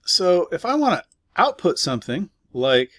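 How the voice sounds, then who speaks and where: A man's voice: high-pitched, sing-song, normal speed, fairly bright tone, no room sound. A man teaching a casual programming lesson, explaining step by step with fillers and offhand asides while typing. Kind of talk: casual screen-recorded coding lesson.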